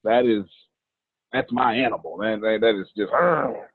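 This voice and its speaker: A man's voice: fairly low pitch, normal speed, breathy edge, no echo. A man giving a fiery, preachy motivational talk on sales and money, emphatic with big swings in his voice. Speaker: business speaker. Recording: tinny phone-like audio.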